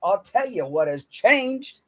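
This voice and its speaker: A man with a high-pitched voice gives an unscripted, preachy motivational rant. He talks with a lot of profanity, jumping from loud, emphatic bursts to muttered asides. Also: very animated, takes it slowly. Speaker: self-help speaker.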